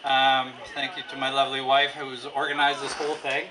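A man in his fifties giving a halting, informal anniversary speech at a party, full of fillers. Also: medium pitch, completely flat delivery, far from the mic, very noisy. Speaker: father celebrating his anniversary.

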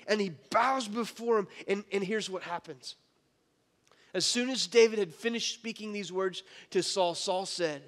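A man preaching a sermon as pastor, impassioned and conversational, with frequent restarts. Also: sits high. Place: church sanctuary. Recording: church hall reverb.

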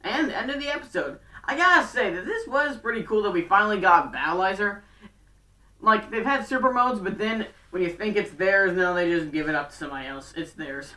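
A woman chatting through a fan recap, rambling with plenty of fillers and quick bursts. Her voice is bright and a bit sharp. It sounds roomy and distant, as if the mic sits across the room. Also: medium pitch, lively intonation. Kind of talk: casual show recap.

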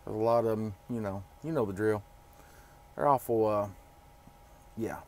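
A man's voice: fairly low pitch, moderate pace, pauses often. A middle-aged man, telling a rambling, folksy story about his day in a casual vlog. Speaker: trucker vlogger.

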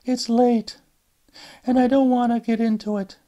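A man voicing a weary young woman who is drained and exasperated, speaking in a strained falsetto. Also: flat delivery, measured pace, warm tone, highs cut off.

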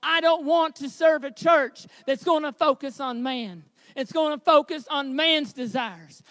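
A man preaching a sermon as pastor, with a high tenor voice, earnest and building to shouted exhortation. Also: unhurried, hardly any pauses, no room sound.

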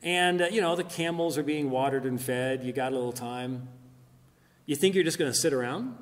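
A man's voice: medium pitch, brisk. A middle-aged man giving an apologetics lecture in a church hall. He argues emphatically and pushes his voice up on key points, with fillers and restarts in between. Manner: emphatic, argumentative, rising loud on key points. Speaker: Christian apologist speaker. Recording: long hall reverb.

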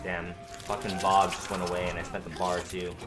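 A man streaming a fighting game live, talking to his viewers, thanking them for likes, and swearing and shouting when he gets hit. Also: sits low, monotone, fairly quick. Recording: roomy with game music behind.

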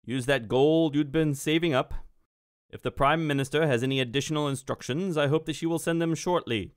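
Man playing a commanding immortal wizard, brisk and a touch higher, dry close sound. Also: clean tone, dry recording, lightly acted. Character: urgent wizard man dictating orders.

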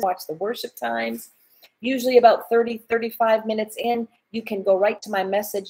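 Fervent husky woman preacher. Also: mid-range voice, a little mellow, low-quality recording. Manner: fervent, declaring, repetitive proclamations. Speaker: pastor and evangelist. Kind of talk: fervent sermon prayer to viewers. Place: church online broadcast.

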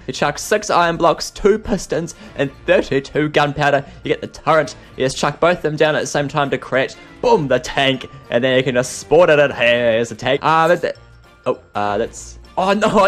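Excitable young man gaming. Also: on the high side. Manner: excitable, exclaiming, laughing at his own mistakes. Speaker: gaming YouTuber. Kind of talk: excitable gameplay commentary.

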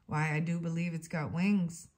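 A woman reading the lines of a curious young girl from a storybook, in a soft read-aloud voice. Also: deep voice, steady tone, moderate pace. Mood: wondering.

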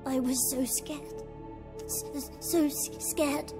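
Woman doing a scared little boy, high voice, stutters real slow, echoey. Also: music in the background. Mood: frightened. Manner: stuttering, halting, shaky. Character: terrified young boy, stammering survivor.

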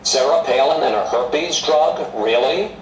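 A man's voice: mid-range voice, unhurried, a little hiss or hum. A male news host pressing his guest with challenging questions in a political interview. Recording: echoey, slightly distant mic.

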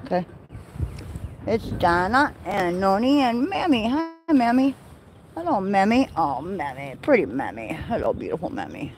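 A woman's voice: medium pitch, big pitch swings, normal speed, darkish tone, slight background noise, low-quality recording. A woman livestreaming from an outdoor farm pen, cooing baby talk to her goats and chicks in a casual way. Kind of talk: casual chat to farm animals.

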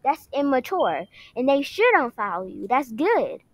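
A woman voicing a sharp-tongued young woman who feels neglected by her boyfriend, in an amateur online drama, talking in a sassy, threatening way with quick comebacks. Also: sits high, sing-song, no room sound, exaggerated voice, low-quality recording. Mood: scolding.

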